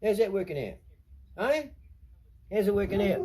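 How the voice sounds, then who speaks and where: A man's voice: high-pitched, wildly swooping pitch, measured pace, long pauses, background noise. A middle-aged Australian man ranting into the camera, blunt and sarcastic, swearing a lot. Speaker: vlogger.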